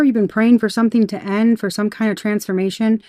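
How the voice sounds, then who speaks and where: A woman giving a tarot reading in an emphatic, animated way, talking straight to the viewer and swearing now and then. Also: medium pitch, fairly quick, no room sound. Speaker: tarot reader.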